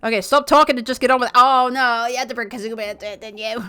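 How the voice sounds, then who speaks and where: A woman's voice: fairly high pitch, steady tone, very fast, pushed and bright, clean tone, no echo. A young Scottish woman streaming a game, sarcastic and swearing freely as she plays to her viewers. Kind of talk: casual gameplay commentary. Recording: faint game music behind.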